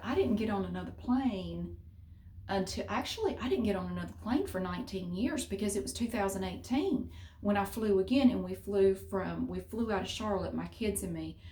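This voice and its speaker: A middle-aged woman, telling a story casually in a chatty, animated way with mild cussing. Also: mid-range voice, a little hiss or hum. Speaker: vlogger. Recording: roomy echo.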